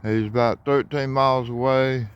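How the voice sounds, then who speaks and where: Monotone man by the tracks. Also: medium pitch, moderate pace, smooth, lo-fi sound. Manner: flat, monotone delivery. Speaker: railfan vlogger. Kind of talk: casual narration while filming trains. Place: outdoors by railroad tracks at dusk.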